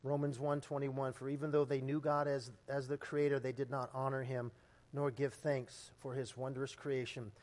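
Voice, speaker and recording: A man preaching a sermon as pastor, telling stories and building to loud, emphatic peaks. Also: medium pitch, level tone, normal speed. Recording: long hall reverb.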